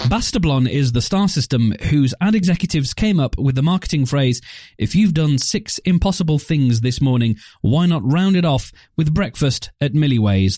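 A man's voice: fairly high pitch, mellow, dry recording, clean studio sound. A man hosting a casual podcast, moving between chatty anecdotes and light, comic readings of segment intros. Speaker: podcast host. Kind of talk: casual chat.

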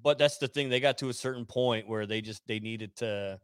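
A man co-hosting a casual podcast, teasing his partner with quick interjected questions. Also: medium pitch, clear, resonant tone, no room sound. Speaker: podcast co-host. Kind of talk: casual chat.

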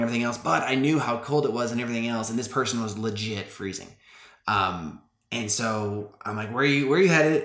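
A man's voice: medium pitch, pushed and bright, reverberant. A young man casually telling a story to his podcast listeners, chatty and laid-back, full of "like" and "bro.". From Texas. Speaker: podcast host.

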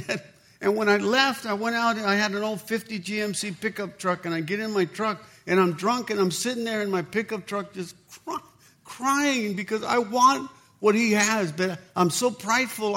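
Man, pastor, sermon, high-pitched, animated storytelling. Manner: animated storytelling, acts out quoted dialogue.

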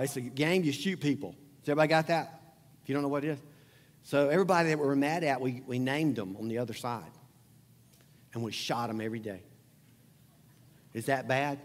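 A man's voice: mid-range voice, in a large hall. A middle-aged man preaching a sermon as a pastor, chatty and joking, often asking the crowd questions. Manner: conversational preaching, asks the crowd questions, jokes.

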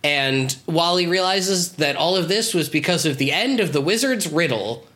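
A man's voice: on the high side, expressive, normal speed, pushed and bright. A man co-hosting a podcast, wryly recapping a cartoon plot in casual chat, swearing and laughing. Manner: wry, sweary, laughs often. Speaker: podcast co-host.

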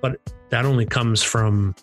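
A man co-hosting a podcast in relaxed, casual chat, agreeing often. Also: medium pitch, unhurried, soft background music. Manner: relaxed, agreeable, lots of "yeah" and "that's right". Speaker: podcast co-host.

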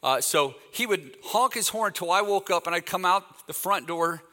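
A bright, fairly high-voiced man in his fifties preaches in a church hall, and his words ring out with a long reverb. He tells his stories in a lively way and acts out the back-and-forth of each conversation. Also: normal speed. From Texas. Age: 50s. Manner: animated anecdotal storytelling, acts out quoted dialogue. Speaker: guest speaker. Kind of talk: sermon with storytelling.

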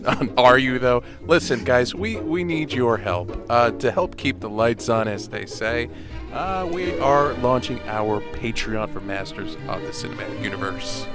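A man's voice: medium pitch, a little slow, over music. A man co-hosting a podcast over a video call, enthusiastic and teasing, reading a sponsor plug. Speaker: podcast co-host. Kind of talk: casual podcast chat and ad read.

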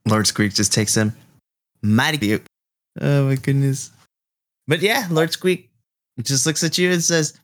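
A man running a tabletop game as game master, animated and laughing often as he narrates. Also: medium pitch, a little slow, pauses often.

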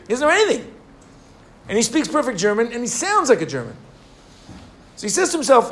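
A man with a fairly high voice gives an animated sermon, telling stories and throwing questions out to his audience. He often restarts his sentences. A faint background noise sits under the recording. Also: a little fast, pauses often. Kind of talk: sermon with storytelling.

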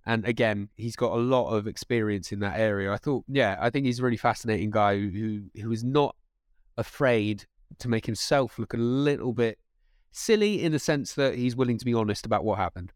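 A man co-hosting an investment podcast in casual chat, lively and quick, often restarting his sentences. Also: on the low side, no echo, studio quality. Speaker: podcast co-host.

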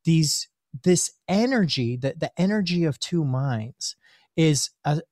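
A man who is a physician, telling a story as a guest in a casual conversation, animated and often repeating words as he gets his thoughts out. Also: a little high, slow pace, no room sound, clean studio sound.

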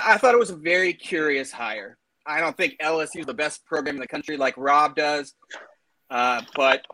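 A man's voice: a little high, noisy background. A man talking casually about college football coaches, opinionated and laughing between points. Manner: talkative, laughs mid-sentence, opinionated. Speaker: sports podcast panelist. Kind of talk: casual sports talk.

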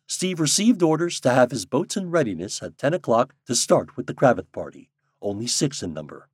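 A man reading a story aloud as narrator in a calm, storytelling manner. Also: fairly low pitch, husky, no room sound, clean studio sound. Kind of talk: audiobook narration.

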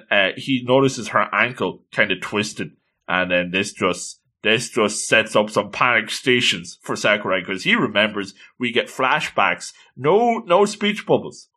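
A man's voice: fairly low pitch, pushed and bright. A man casually retelling a comic chapter with enthusiasm, often exclaiming in delight. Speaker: manga reviewer.

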